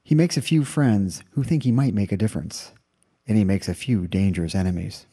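A man hosting an audiobook review podcast in a measured, informative scripted delivery. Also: on the low side, warm tone, slightly rough.

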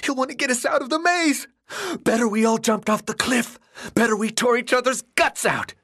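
Audiobook role: a manic teenage boy, shrill and very high, shrieking loudly. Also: normal speed, exaggerated voice.

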